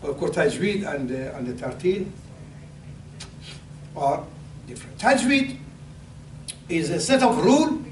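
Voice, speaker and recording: Older man preaching in an echoey hall. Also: on the high side. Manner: halting, repeats words and restarts, rises for emphasis. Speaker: imam. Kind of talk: pre-sermon talk. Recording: echoey hall, distant mic, faint hum.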